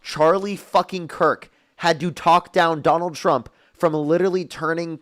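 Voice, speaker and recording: A man's voice: fairly high pitch, fairly even intonation, a little slow, a bit bright. A young man hosting a live political debate stream, combative and profane, rattling off thanks to donors. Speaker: streamer host debating guests. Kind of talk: heated live debate and donation shout-outs.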